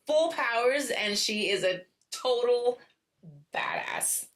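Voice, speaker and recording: Slow-talking woman co-host chiming in. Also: on the high side, lively intonation, a bit bright. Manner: short agreeing interjections, chimes in. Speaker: podcast co-host. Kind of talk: casual book-review chat.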